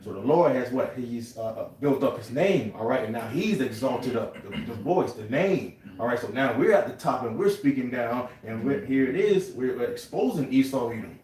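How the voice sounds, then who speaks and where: A man's voice: mid-range voice, animated, moderate pace, few pauses, darkish tone. A man in a Bible class working through a verse aloud, often saying "all right" and "what". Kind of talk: Bible discussion. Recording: echoey room from far off.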